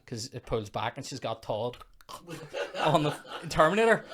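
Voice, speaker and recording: A man's voice: mid-range voice, big pitch swings, unhurried, crowd noise. Man ranting comically about films. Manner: exasperated, ranting, mock-outraged. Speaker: comedy podcast host. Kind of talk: casual comedic film rant.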